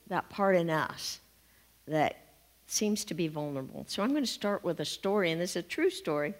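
A woman minister preaching a sermon, telling stories with humor and inviting her congregation to join in. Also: on the low side. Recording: long hall reverb.

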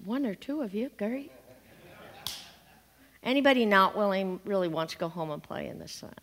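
A woman's voice: medium pitch, moderate pace. A woman minister preaching a sermon, telling stories with humor and inviting her congregation to join in. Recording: long hall reverb.

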